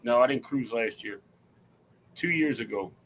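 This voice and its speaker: A man chatting casually on a live talk stream, an animated storyteller with slangy asides. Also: medium pitch, measured pace, a little hiss or hum, rough recording. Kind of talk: casual chat.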